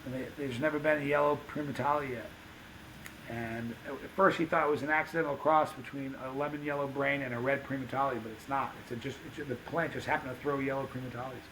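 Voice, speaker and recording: A man telling stories on a podcast, animated and acting out the dialogue of the people in them. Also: medium pitch, fast talker, slight background noise, poor audio. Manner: animated anecdote-teller, acts out quoted dialogue. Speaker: podcast guest, pepper show host. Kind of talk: casual storytelling.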